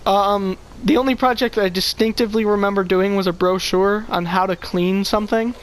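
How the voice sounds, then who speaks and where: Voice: mid-range voice, steady tone, a little fast, clear, resonant tone. A teenager hosting a casual podcast chat, complaining and telling stories animatedly. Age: teens. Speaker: podcast host.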